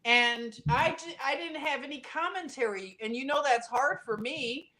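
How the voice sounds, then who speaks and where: Woman podcast co-host, slightly high-pitched, casual and animated storyteller. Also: moderate pace. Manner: animated storytelling, acting out other people's reactions. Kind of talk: casual conversational podcast chat.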